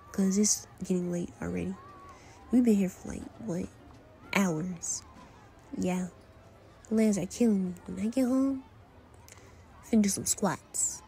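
A woman's voice: medium pitch, mellow, a little hiss or hum. A woman performing a casual fan role-play audio drama, trading slangy, teasing banter as she voices several friends.

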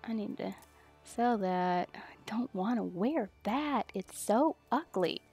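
A young woman streaming a video game, muttering to herself as she plays and bursting into excited squeals. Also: medium pitch, slow pace, breathy edge, soft background music. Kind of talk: casual gaming stream chatter.

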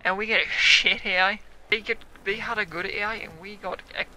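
A young man, a gaming YouTuber, giving loud, excitable commentary on his own play, yelling, swearing and laughing. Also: sits high, fairly quick, a little hiss or hum.

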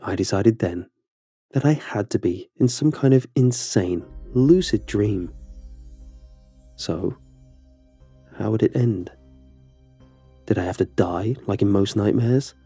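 A man narrating a horror story in a steady, measured way. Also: on the low side, breathy edge, no room sound.

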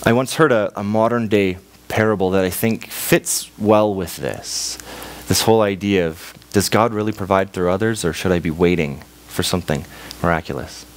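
Young Canadian man, church sermon, lowish voice, storyteller's delivery. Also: normal speed. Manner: storytelling, acts out voices in a parable. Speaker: preacher.

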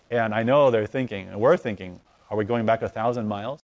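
A man telling a story in conversation, acting out the dialogue as his voice swings from loud to hushed. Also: on the low side, a little fast, hardly any pauses, lo-fi sound. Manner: animated, acts out dialogue with voice rising and falling. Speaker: guest telling a testimony.

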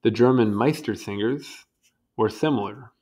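A man's voice: mid-range voice, moderate pace, a little mellow. A young man casually reading an encyclopedia article aloud, stumbling over hard words and adding wry asides. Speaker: reader.

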